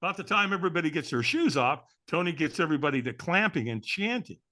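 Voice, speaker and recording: A man's voice: fairly high pitch, lively intonation, quick pace, pushed and bright. A middle-aged man, a guest in an interview, telling a story animatedly and acting out the dialogue. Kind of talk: storytelling in a conversation.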